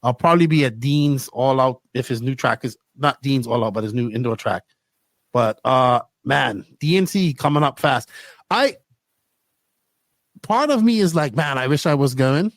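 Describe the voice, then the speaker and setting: A man hosting a podcast in casual, rambling talk, often excited. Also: medium pitch, normal speed, dry recording. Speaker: podcast host.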